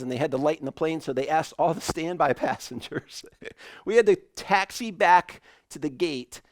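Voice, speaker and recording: A man preaching an online sermon in a relaxed, conversational way, telling a family story with animated asides. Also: a little high, dry recording, studio quality. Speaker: pastor.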